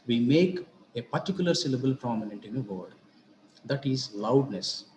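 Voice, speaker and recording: A man teaching grammar, moving at an unhurried pace and spelling out each example. His voice sits at an ordinary pitch. The recording sounds roomy and echoey, with faint ambience behind him. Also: a little mellow, a little hiss or hum. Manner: deliberate, repeats and spells out examples. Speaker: English teacher. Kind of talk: slow explanatory grammar lecture.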